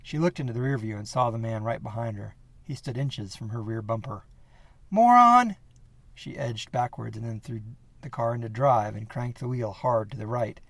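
Guy reading a creepy story, gravelly voice, dry close sound. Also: medium pitch, steady tone, a little fast, dry recording. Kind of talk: horror story narration.

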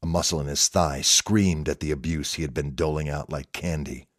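A man narrating a written story in a steady, measured reading. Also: very deep voice, dry recording, studio quality.

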